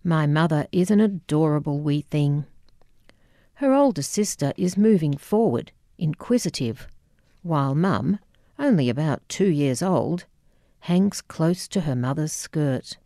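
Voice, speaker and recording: A woman reading her audiobook memoir in a wry, measured, reflective way. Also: sits low, expressive, warm tone, no echo, studio quality. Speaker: memoir narrator.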